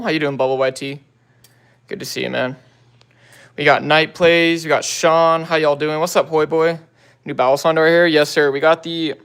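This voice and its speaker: A young man talks casually on a phone livestream, greeting viewers and tossing out slang. His voice sits a bit high for a man and has a gravelly, fry-tinged edge. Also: fairly bright tone. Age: young adult. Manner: laid-back slangy talk, quick greetings to viewers. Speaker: livestream host. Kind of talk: casual livestream chat, reading viewer comments.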